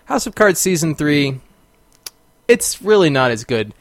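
A man's voice: on the high side, big pitch swings, measured pace, dry recording. A man hosting a podcast, telling a story in a casual monologue, rambling with fillers and bursting into exclamations. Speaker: podcast host.

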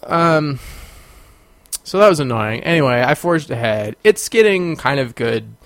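Man, podcast host, gravelly voice, casual storytelling, animated and exclamatory, dry close sound. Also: medium pitch, a little slow, dry recording. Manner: animated, exclamatory, rambling with fillers.

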